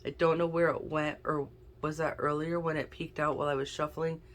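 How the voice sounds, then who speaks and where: A woman's voice: low voice, level tone, fairly quick, slight background noise. A woman giving a casual tarot and oracle card reading, chatting and thinking aloud as she draws cards. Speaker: intuitive card reader.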